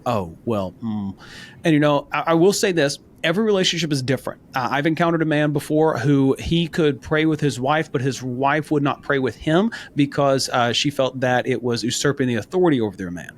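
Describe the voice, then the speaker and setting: Talking a little fast with few pauses, a medium-pitched man co-hosts a men's faith podcast. His tone is casual yet earnest as he encourages listeners through stories he has lived.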